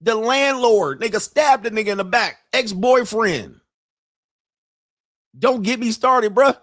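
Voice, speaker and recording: A man hosts a live stream from a home studio, ranting in a loose, profane, joking way. His voice sits a little high, and he slips into put-on voices to quote people. The sound is dry and close, with no room echo. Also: measured pace, fairly bright tone. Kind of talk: casual live-stream rant.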